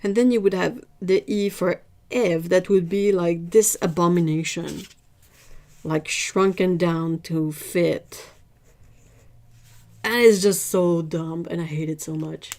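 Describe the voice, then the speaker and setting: A woman hosting an art livestream, chatting casually with viewers, emphatic and lively. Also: on the low side, slow. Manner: chatty, answers viewers' chat.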